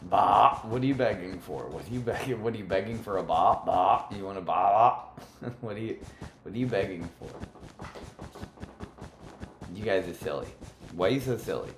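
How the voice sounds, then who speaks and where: A man's voice: fairly low pitch, lively intonation, moderate pace, pauses often, slight background noise. A man livestreaming a game, chatting playfully and teasing his viewers. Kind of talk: casual gaming livestream chat. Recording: roomy echo with faint music.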